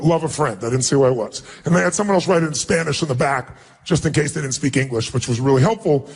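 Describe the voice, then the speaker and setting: Slightly high and husky, this man's voice carries a motivational speech built around a personal story. He speaks emphatically to the audience and acts out the dialogue in a raised voice.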